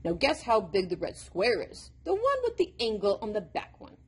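A woman's voice: medium pitch, wildly swooping pitch, normal speed, slightly rough. A woman voicing an impish, impatient male number devil who lectures like a know-it-all, in a storybook reading. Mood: lecturing.

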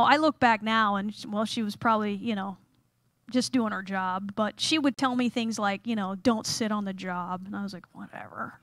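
Woman, high voice, dry close sound, comic sermon storytelling, self-mocking and animated. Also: no echo. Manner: animated, self-deprecating storyteller acting out scenes. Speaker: chapel speaker.

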